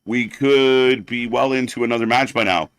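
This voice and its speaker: A man's voice: mid-range voice, fairly even intonation, moderate pace, a bit bright, clean tone, dry recording. A man hosting a wrestling watch-party stream, ranting in sarcastic, heavily profane live commentary. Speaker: watch-party livestream host.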